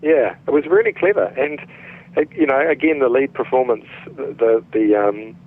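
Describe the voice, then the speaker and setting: A middle-aged man from New Zealand with a New Zealand accent, an actor telling stories in a relaxed interview, chatty with many restarts. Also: medium pitch, moderate pace. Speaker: actor guest. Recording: tinny phone-line sound.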